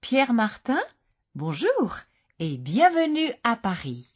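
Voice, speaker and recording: A woman says short French phrases with slow, deliberate care so learners can repeat them. Her voice is a little husky, and her intonation is very lively. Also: fairly high pitch. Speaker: French model speaker. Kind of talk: slow model phrases for repetition.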